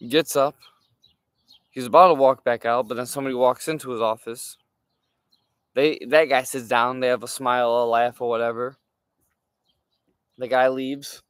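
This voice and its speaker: A young man telling a story from his day in a casual, animated way, swearing and using lots of fillers. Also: medium pitch, moderate pace, pauses often, clean tone, no room sound. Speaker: streamer.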